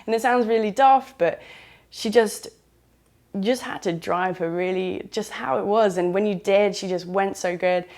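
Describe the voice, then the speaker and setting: A woman's voice: mid-range voice, moderate pace, a little mellow. A woman with a southern English accent telling a candid first-person story in a loose, frank, chatty way with British slang. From southern England.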